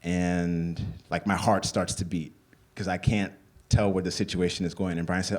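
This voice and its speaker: Brief: deep male storyteller, stage anecdote, loose and conversational. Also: level tone, normal speed, a little mellow. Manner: conversational, full of "like" fillers. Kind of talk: live comedic storytelling.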